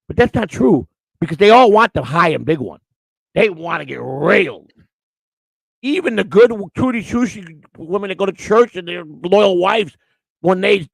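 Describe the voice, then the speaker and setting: A man's voice: sits high, expressive, normal speed, creaky, no echo. A man hosting a live-streamed show, talking in a rambling, emotional way, repeating words and getting choked up. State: emotional, near tears. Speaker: show host.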